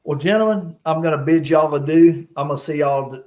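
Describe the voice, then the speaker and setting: A man's voice: a little high, a little fast, dark tone. A man chatting casually on a live stream, laughing often and repeating himself. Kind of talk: casual chat.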